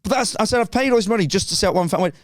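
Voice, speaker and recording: A man with a Northern English accent, a podcast guest telling a comedic anecdote in an animated, indignant and sweary way, acting out both sides of the exchange. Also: sits high, very fast, no echo, studio quality. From northern England.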